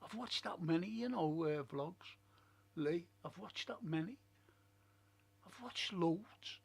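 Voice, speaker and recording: A man's voice: sits high, animated, slow pace, vocal fry, slightly rough. A man hosting a casual live stream, chatting in a rambling way, musing aloud and reading out viewer comments. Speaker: livestream host. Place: at home.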